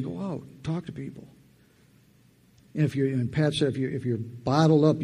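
A man's voice: medium pitch, gravelly, mellow, slightly rough. A man giving a testimony sermon in church, telling a personal story and building to fired-up preaching with call-and-response. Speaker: lay preacher.

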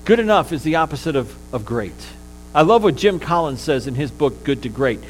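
A man's voice: fairly high pitch, big pitch swings, a little fast, faint music behind, low-quality recording. A man preaching a sermon as pastor, in a conversational style with frequent fillers and restarts.

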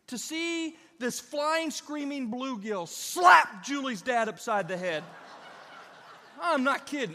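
Pastor, man with a drawl, high-pitched and folksy, chatting to the congregation in a reverberant sanctuary. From Southern Illinois. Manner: folksy, animated, addresses the audience directly. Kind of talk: storytelling sermon. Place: church sanctuary. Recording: reverberant church hall.

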